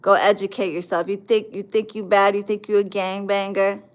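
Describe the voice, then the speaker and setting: A woman's voice: mid-range voice, little pitch movement, normal speed. A woman in her forties, a livestream host, angrily ranting at commenters in a profane, confrontational and mocking way. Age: 40s.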